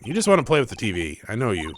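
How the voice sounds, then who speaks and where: A man voicing a dry, deadpan young male lawyer from a video game in a lowered, quiet voice. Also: very fast, a little hiss or hum. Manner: flat, deadpan, low and quiet.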